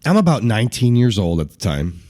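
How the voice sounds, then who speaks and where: A man's voice: lowish voice, a little fast. A man telling a story on a podcast, with lots of laughter, acting out the people in it. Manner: lively, acts out voices in quotes, laughs often. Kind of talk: animated storytelling.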